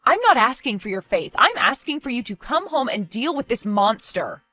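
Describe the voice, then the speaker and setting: A woman voicing an anxious young woman babysitting her boyfriend's daughter, pleading and quick to raise her voice in an animated story. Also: on the high side, exaggerated voice. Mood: exasperated. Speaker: stepmother-to-be left babysitting.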